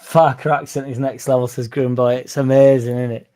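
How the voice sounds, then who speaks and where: A man's voice: medium pitch, little pitch movement, brisk, mellow. A young man hosting a fan stream, rambling casually, swearing now and then and reading out viewer comments. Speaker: fan channel host reading chat. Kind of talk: casual live-stream chat.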